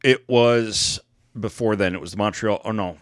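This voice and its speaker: A man's voice: on the low side, normal speed, no echo, studio quality. A man from the United States co-hosting a podcast, telling stories in casual, profane, sarcastic chat. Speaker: podcast co-host.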